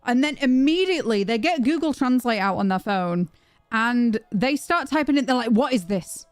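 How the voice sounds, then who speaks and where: A young British woman streaming, telling a story to her chat in a chatty, animated way with plenty of restarts. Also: fairly high pitch, moderate pace, smooth, no echo, faint music behind. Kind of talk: casual storytelling to a live chat.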